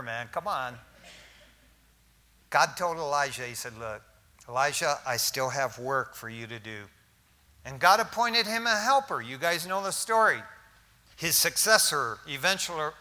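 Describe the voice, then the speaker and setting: A man's voice: a little high, bright, forceful tone. A man preaching a sermon as pastor, retelling the scripture in a casual, slangy storytelling manner.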